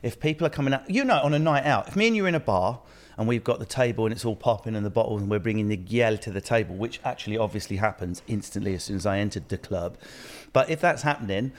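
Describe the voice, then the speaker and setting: A man's voice: on the low side, lively intonation. A man with an English accent hosting a podcast in casual chat, joking and breaking into bits and little impressions, often restarting his sentences. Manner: joking, doing bits and voices, halting restarts. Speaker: podcast host.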